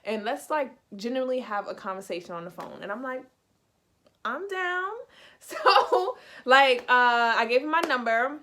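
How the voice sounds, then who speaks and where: A woman's voice: fairly high pitch, moderate pace, a little hiss or hum. Chatty young woman telling a story. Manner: chatty, animated, heavy use of "like". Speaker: vlogger. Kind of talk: casual storytime.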